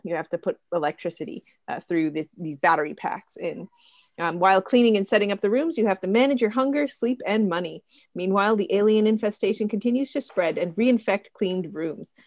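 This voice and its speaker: Young woman hosting a game stream, kinda low voice, lots of ums, dry close mic. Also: a little mellow, no echo. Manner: chatty, giggly, many fillers. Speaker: host. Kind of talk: casual chat, introducing a game stream.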